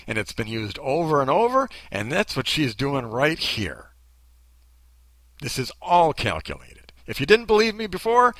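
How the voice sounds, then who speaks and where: A man's voice: mid-range voice, sharp tone, dry recording. A man giving sarcastic, mocking commentary on a video he is reacting to. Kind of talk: critical commentary.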